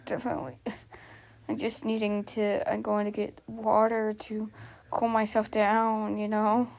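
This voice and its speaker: A woman doing casual improvised fan role-play, flustered and giggly, stammering and dropping into breathy whispers. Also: fairly high pitch, darkish tone.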